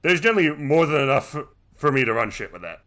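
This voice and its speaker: Podcast co-host, male, bright lively delivery, rambling and profane. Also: on the high side, quick pace. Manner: rambling, profane, many restarts. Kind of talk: casual podcast chat.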